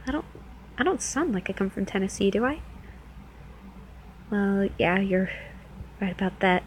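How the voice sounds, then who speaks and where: A woman's voice: mid-range voice, lively intonation, normal speed, slight background noise, natural voice, low-quality recording. A woman playing a teasing New Jersey club dancer. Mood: flirty teasing. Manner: playful, teasing, coaxing. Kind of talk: first-person audio role-play.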